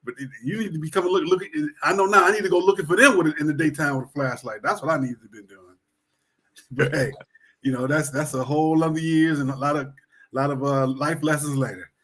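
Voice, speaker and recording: A man with a slightly high voice co-hosts a casual sports talk show. He talks in a laid-back, reflective way, musing over his own past and the game. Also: fairly even intonation, fast, a bit bright, husky.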